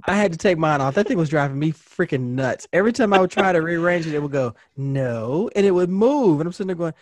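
A man's voice: on the high side, fast talker, dry recording. A man co-hosting a podcast, chatting casually in a joking, slangy way into a foam-covered mic. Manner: laid-back, joking, slangy. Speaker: podcast co-host. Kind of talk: casual chat.

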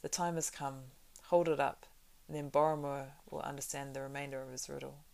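A woman's voice: very deep voice, little pitch movement, a little fast, creaky, a little mellow. A woman reading a commanding old wizard.

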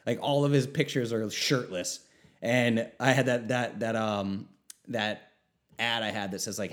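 A man's voice: on the low side, fairly even intonation, unhurried. Emphatic man on his podcast. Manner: emphatic, repeats himself for stress. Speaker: podcast host. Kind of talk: unscripted podcast monologue.

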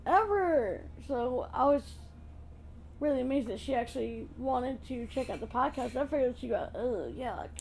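A woman hosting her own podcast, chatting in a gushing, excitable way. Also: sits high, normal speed, gravelly, slight background noise, low-quality recording. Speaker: podcast host. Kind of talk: casual podcast chat.

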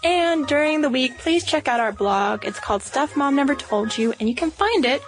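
A woman's voice: high-pitched, expressive, moderate pace, music in the background. A woman co-hosting a podcast in casual chat, reading listener mail in a conversational way. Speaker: podcast co-host.

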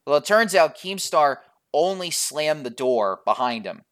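A man giving a casual commentary, retelling a podcast argument in a relaxed, conversational way. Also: a little high, unhurried.

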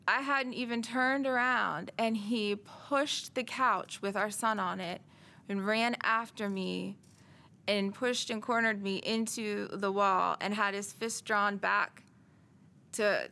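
A middle-aged woman giving earnest, measured testimony as an interview guest, pausing often as she tells her story. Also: medium pitch, creaky, bright, forceful tone. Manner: earnest, measured, with frequent pauses. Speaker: interview guest, survivor of domestic abuse.

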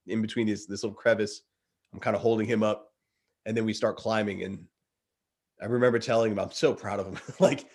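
A man in his thirties, a guest, earnestly retelling a story in casual chat and often calling the listener dude. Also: fairly low pitch. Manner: earnest, animated retelling, says dude a lot.

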